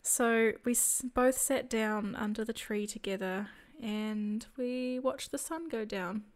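Slow, softly reflective woman. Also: on the high side. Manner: slow, soft, reflective storytelling. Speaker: storyteller sharing a spiritual experience. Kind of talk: personal faith testimony.

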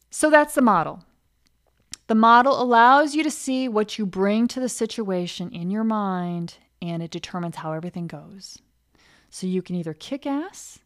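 A woman hosting a podcast, coaching listeners in a casual way and acting out inner thoughts in little quoted voices. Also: medium pitch. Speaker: podcast host and career coach.

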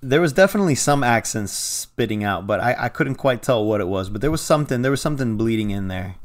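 A man's voice: mid-range voice, expressive, quick pace. A man co-hosting a casual movie review podcast, giving his opinions in an easygoing, rambling way. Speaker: podcast co-host.

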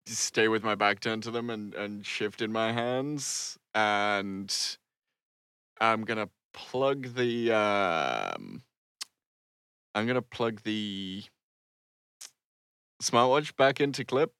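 Animated low-voiced man playing a tabletop game. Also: slow pace, long pauses, clean tone, dry recording. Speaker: player.

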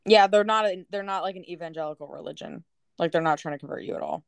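Young female co-host, smooth clear voice, dry close sound, blunt and direct. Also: fairly low pitch, no room sound. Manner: blunt, quick to disagree. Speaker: podcast co-host. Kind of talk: casual chat.

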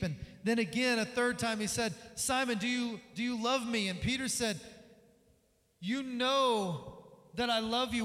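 A man preaching a sermon as pastor, energetic, acting out the voices in the story he tells. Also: high-pitched. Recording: long reverb of a large hall.

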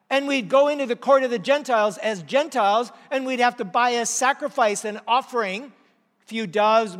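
A man preaching a sermon, teaching with animated rhetorical questions and emphasis. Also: very high-pitched. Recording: long hall reverb.

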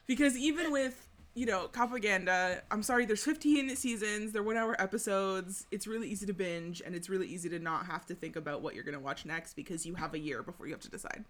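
A woman's voice: medium pitch, fast, hardly any pauses, a bit bright. A woman co-hosting a casual podcast chat, teasing her friend and laughing. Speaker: podcast co-host.

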